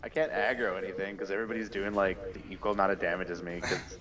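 Very deep voiced guy gaming and swearing, far off the mic, dull sound, crowd chatter behind. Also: steady tone, fast talker. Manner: offhand, profane. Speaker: podcast co-host. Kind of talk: casual chat while gaming.

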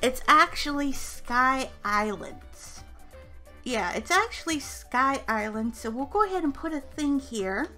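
High-voiced chatty woman gamer. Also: expressive, a little slow, pushed and bright. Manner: upbeat, chatty, narrating each step aloud. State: hiccups. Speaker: gaming channel host. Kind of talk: casual let's-play commentary. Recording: faint music behind.

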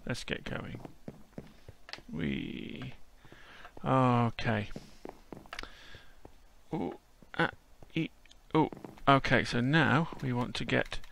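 A man's voice: medium pitch, vocal fry, fairly bright tone, slight background noise. A man narrating a casual walkthrough as host, chatty and whimsical.

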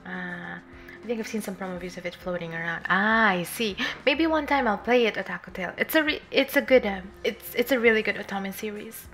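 A woman's voice: mid-range voice, brisk. A woman streaming a game, chatting casually with her viewers, giggling often and sometimes reading the game's lines aloud. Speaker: VTuber streamer. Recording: faint music underneath. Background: soft game music.

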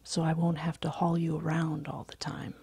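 A woman reading the lines of an impatient, bossy older boy in a low, curt voice. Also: flat delivery, moderate pace, mellow, slightly rough, no echo, exaggerated voice. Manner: curt and demanding.

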